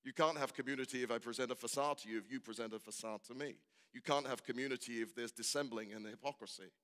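A man's voice: mid-range voice, steady tone, fast, a bit bright. A man preaching a sermon, building with rhetorical questions and repeated refrains. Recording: long hall reverb.

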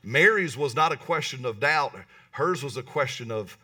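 A man preaching a lively sermon in church, often asking the congregation "right?" and pausing for answers. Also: mid-range voice, distant mic. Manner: animated, talks to the congregation with calls like "right?". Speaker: pastor. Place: church hall.

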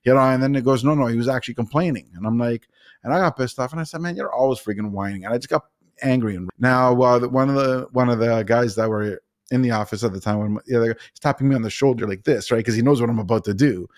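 A middle-aged podcast host rambles quickly through an anecdote in a casual storytelling interview, animated, often restarting and laughing. His pitch is ordinary. The sound is close and dry, with no room behind it.

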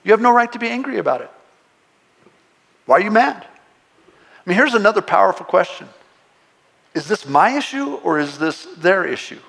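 A man's voice: high-pitched, big pitch swings, normal speed, vocal fry, long pauses, a bit bright. A man preaching a sermon as a pastor, talking to his congregation in a conversational way with playful asides, his voice rising emphatically on exclamations.

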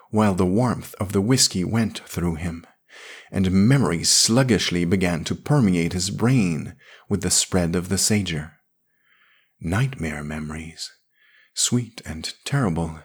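A man reading a pulp science fiction story aloud, dramatic and expressive. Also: sits low, slightly rough. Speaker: podcast reader.

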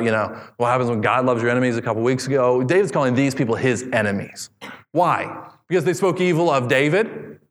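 Animated male preacher in echoing hall. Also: on the high side. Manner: animated preaching, acts out David's voice. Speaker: pastor. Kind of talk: sermon. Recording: long hall reverb.

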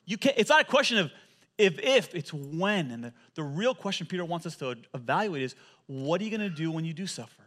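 A male pastor preaching a sermon, telling animated stories and often repeating words as he goes. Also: fairly high pitch, fairly quick.

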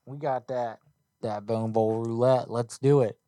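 Field: man. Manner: profane joking streamer. Tone: mellow. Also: medium pitch, steady tone, no room sound. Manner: profane, joking, quick asides. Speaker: streamer making prank calls. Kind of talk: casual live-stream chat.

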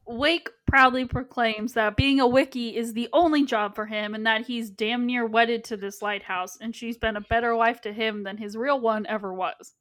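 A woman casually recapping a film plot for her co-hosts, relaxed and full of "like.". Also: a little high, normal speed, few pauses. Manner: relaxed, frequent filler "like". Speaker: podcast co-host, recapping the film.

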